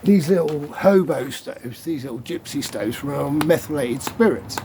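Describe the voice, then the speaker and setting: A man's voice: a little high, lively intonation, normal speed, background noise. A middle-aged man chatting casually as he demonstrates his gear, rambling with joking asides. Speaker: off-grid living vlogger.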